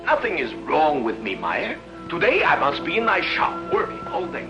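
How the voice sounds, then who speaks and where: An actor playing a gentle, devout shoemaker in an old film, earnest and pleading. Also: male voice, on the high side, huge pitch swings, normal speed, highs cut off, over music. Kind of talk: 1950s film acting.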